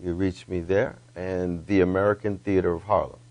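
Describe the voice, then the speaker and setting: Male guest, low voice, halting and self-correcting. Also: flat delivery, a little mellow. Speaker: guest, arts organizer.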